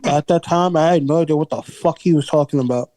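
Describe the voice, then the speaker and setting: A man's voice: fairly high pitch, fast, mellow, no room sound, rough recording. A man in casual podcast chat, talking in a laid-back, plain-spoken way. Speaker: podcast co-host.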